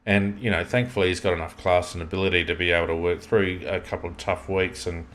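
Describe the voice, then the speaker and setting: A man's voice: low-pitched, steady tone, fast, a bit bright. An Australian man co-hosting a football podcast, talking in an opinionated, rambling way with restarts. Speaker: podcast co-host. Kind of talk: casual football chat.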